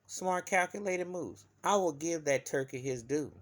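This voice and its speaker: A man vlogging an emphatic opinion rant, swinging from loud outbursts to low muttering. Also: a little slow.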